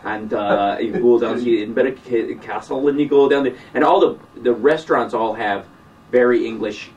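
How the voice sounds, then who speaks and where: A man chatting as a comedian guest in a radio studio, joking and rambling with quick asides. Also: medium pitch, darkish tone, far from the mic, highs cut off. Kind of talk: casual radio studio chat.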